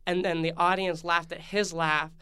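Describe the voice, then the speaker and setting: A guest with a smooth, resonant mid-range voice, recalling a moment on stage. The speech is halting and loose, with many fillers. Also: medium pitch, flat delivery, bright, forceful tone. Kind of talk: casual anecdote.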